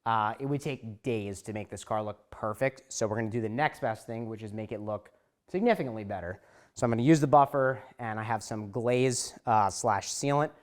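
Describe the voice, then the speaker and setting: Lower voice guy in a garage walking thru buffing the paint, easygoing. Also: normal speed. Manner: relaxed, explains each step. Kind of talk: casual how-to talk to camera.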